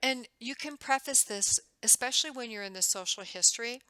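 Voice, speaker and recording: A woman's voice: fairly high pitch, fairly quick, bright, forceful tone, no room sound, rough recording. A woman instructor giving a recorded lecture in a conversational way, acting out the questions she would ask patients. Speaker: nursing instructor.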